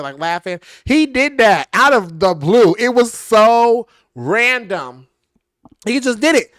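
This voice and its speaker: A young adult man, telling a rambling, animated storytime as a tarot channel host, recorded on a device mic while sitting on the floor at home. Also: on the high side, clear, resonant tone, no room sound, studio quality. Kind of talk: casual storytime chat. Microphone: device mic at a distance, no clip-on mic.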